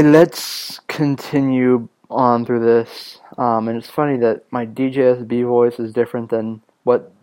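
Male host, unhurried, ordinary pitch, filler-heavy casual chat. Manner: rambling, many ums and self-corrections. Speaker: music show host. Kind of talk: casual radio-show chat.

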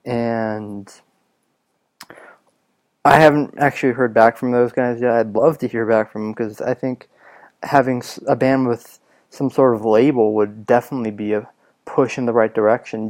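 A young man hosting a casual solo podcast, raspy from a cough, rambling with lots of ums and restarts. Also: mid-range voice, darkish tone. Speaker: podcast host.

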